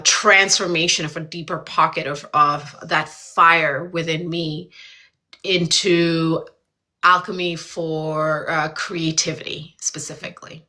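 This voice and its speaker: A woman co-hosting a casual spiritual conversation, speaking in a reflective, halting way with many restarts. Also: on the low side, bright, forceful tone. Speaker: co-host.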